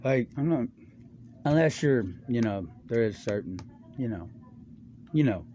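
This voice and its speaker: This monologuist is a middle-aged man with an ordinary male pitch and a dark, expressive tone, speaking unhurriedly amid a little hiss or hum. He rambles stream-of-consciousness style, loose and full of slang and swearing, jumping between subjects.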